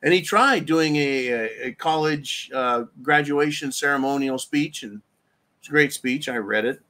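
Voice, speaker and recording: A man's voice: mid-range voice, measured pace, sharp tone. A middle-aged man hosting a solo commentary rant, rambling, sarcastic and profane. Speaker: host.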